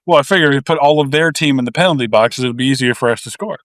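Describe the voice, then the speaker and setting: A man's voice: mid-range voice, racing, a bit bright, dry recording. A man from Canada co-hosting a casual movie podcast, recapping the plot bluntly and swearing freely. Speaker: podcast co-host.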